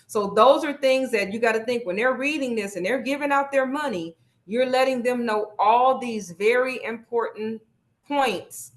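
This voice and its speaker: A woman's voice: fairly high pitch, normal speed. Woman, casual workshop instructor, encouraging, repeats steps, video call. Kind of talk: live online workshop teaching.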